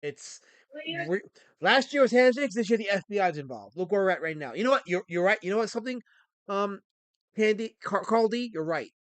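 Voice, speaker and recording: A man's voice: high voice, lively intonation, fairly quick, fairly bright tone, clean tone, dry recording. A man hosting a livestream, chatting casually and ranting with frequent restarts. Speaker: stream host.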